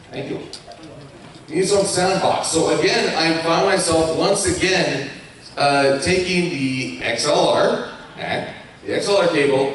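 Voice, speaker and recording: A young man from Colorado giving a chatty, self-mocking talk as a YouTuber on a live convention panel. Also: on the high side. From Colorado, USA. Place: large convention hall with an audience. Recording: echoey hall from far off, faint hiss.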